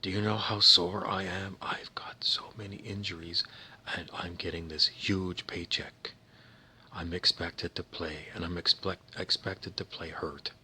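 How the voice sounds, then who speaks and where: A man's voice: sits low, level tone, measured pace, sharp tone, a little hiss or hum, heavily acted. A man acting out an aching, defiant male pro football player who pleads in a strained voice and drops to a whisper.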